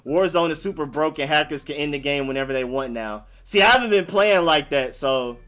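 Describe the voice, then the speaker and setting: A man's voice: a little high, brisk, fairly bright tone, faint music behind. A young man from Maryland raised in Atlanta, hosting a casual live stream in a loose, slangy way and answering viewers. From born in Maryland, raised in Atlanta. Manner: loose and conversational, slangy, lots of "like" and "y'all".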